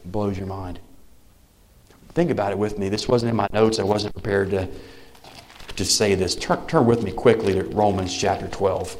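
Man preaching a lively sermon. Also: lowish voice, normal speed, pauses often. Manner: animated preaching, swinging from loud emphasis to soft near-whisper. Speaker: pastor.

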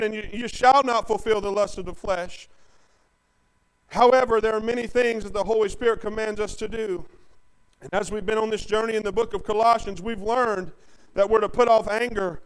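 High-voiced preacher, fervent. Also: male voice, fairly even intonation, moderate pace, poor audio. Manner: fervent preaching with call-and-response, swinging between loud and quiet. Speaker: pastor. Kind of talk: sermon.

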